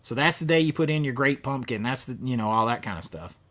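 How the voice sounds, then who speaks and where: A man with a medium-pitched, slightly bright, animated voice talks at a quick pace. He's hosting a casual horror movie livestream, reading viewer comments as he rambles with fillers and restarts.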